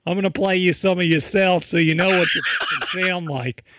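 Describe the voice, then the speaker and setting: Here a man with a high voice talks a little fast and acts lightly, with background noise behind him. Using a fake Australian accent on a close studio mic, he improvises as a bossy podcast host who tells off his co-host.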